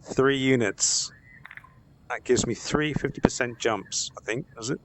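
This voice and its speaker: An excitable man talks through a space game as he plays it, his words coming out breathless and overexcited. He swears and laughs freely between lines of live commentary. Faint noise sits behind his voice. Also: mid-range voice, a little slow. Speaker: gamer playing a space game. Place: at home wearing a VR headset.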